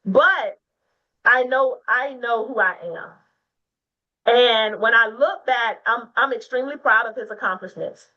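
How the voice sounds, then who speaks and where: A woman's voice: fairly high pitch, a little slow, pushed and bright, far from the mic, dull audio. A woman hosting a casual video call forum, talking emphatically and like a preacher. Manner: emphatic, preachy, rising to a near-crying rally. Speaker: host of a women's agent forum. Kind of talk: casual chat.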